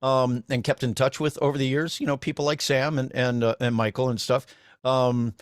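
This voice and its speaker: A man's voice: mid-range voice, little pitch movement, normal speed, clear, resonant tone, no echo, studio quality. A middle-aged man, a voice actor, telling stories as a guest on a video call, with many restarts and laughs. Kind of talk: casual convention interview.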